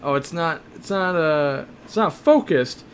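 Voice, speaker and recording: A man's voice: on the high side, expressive, unhurried, fairly bright tone, a little hiss or hum. Chatty young man hosting a live stream. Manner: chatty, joking, rambling with many fillers. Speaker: host of an aquarium shop live stream. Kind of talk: casual live-stream chat, reading viewer questions.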